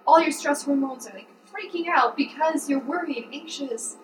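A woman chatting casually on a podcast, explaining things in a lively, talkative way and laughing often. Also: sits high, moderate pace, roomy sound, far from the mic, soft background music, low-quality recording. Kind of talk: casual conversational chat.

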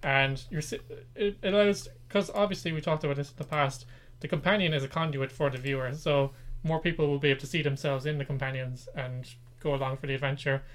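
A man's voice: mid-range voice, fairly even intonation, quick pace. A man co-hosting a casual pop-culture chat, reading out news items and adding wry asides. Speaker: podcast co-host.

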